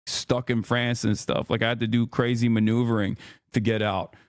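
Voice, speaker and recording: A man's voice: mid-range voice, little pitch movement, normal speed, no echo. A man telling a travel mishap story in casual, self-mocking storytelling.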